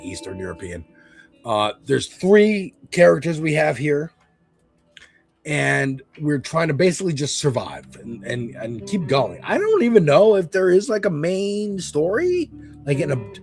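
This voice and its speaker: A man's voice: fairly high pitch, gravelly. A man streaming a video game, giving loose, rambling commentary with casual swearing.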